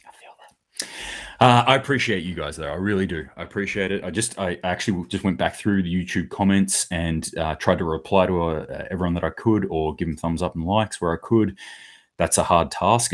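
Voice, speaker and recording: A man hosting his own daily preparedness commentary, talking casually and bluntly, rambling a little and swearing now and then. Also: low-pitched. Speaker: host of a daily preparedness news show.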